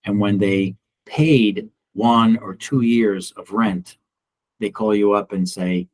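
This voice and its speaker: A middle-aged man, a real estate broker giving a casual office training talk in a blunt, animated way and acting out the people he quotes. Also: on the low side, slow pace, no echo.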